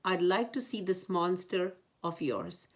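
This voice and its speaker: A sensible, curious badger in a storybook talks matter-of-factly, voiced by a woman reading aloud. Low and unhurried. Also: sing-song.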